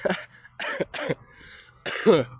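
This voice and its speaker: A young man from Morocco chatting casually while walking through a forest on a rainy day, halting and searching for words in English. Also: no room sound. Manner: soft, unhurried talk while walking. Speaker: nature vlogger. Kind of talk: casual walking vlog chat.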